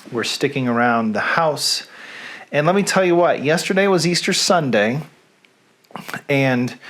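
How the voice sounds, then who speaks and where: A Southern US man with a slightly high voice hosts a live stream from his home. He talks in a rambling, self-deprecating way, with plenty of asides. He speaks to a camera on a stand. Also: a bit bright. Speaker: host. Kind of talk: casual live-stream chat.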